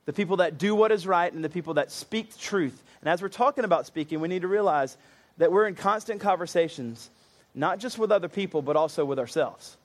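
A man's voice: high voice, fairly quick. Earnest conversational male preacher. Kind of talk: sermon.

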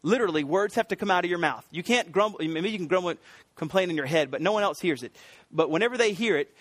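A middle-aged man preaching a sermon, earnest and emphatic, building to excited peaks. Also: sits high, quick pace, no room sound. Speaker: pastor.

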